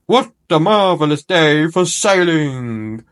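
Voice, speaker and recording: Man voicing jolly old rabbit, storybook read-aloud, hearty and slow, lifted pitch, very lively. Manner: hearty, exclaiming, drawn-out delivery.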